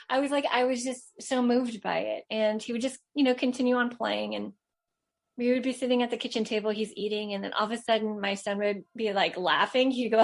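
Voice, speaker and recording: Calling in with a story of her own, this thirty-something Los Angeles woman speaks fairly quickly, pitched on the high side with a steady tone and vocal fry. Her casual telling wanders, stumbles through fillers and restarts, and breaks into frequent laughter.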